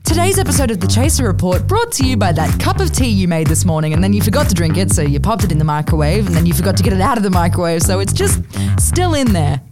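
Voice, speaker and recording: A woman doing a rapid, playful comic sponsor read. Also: lowish voice, sing-song. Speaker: sponsor announcer. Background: loud music.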